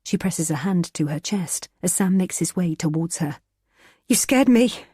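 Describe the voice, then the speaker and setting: Husky lady reading a thriller audiobook, tense measured delivery, dry close sound. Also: on the low side, fairly even intonation, warm tone, dry recording. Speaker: narrator. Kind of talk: scripted audiobook narration.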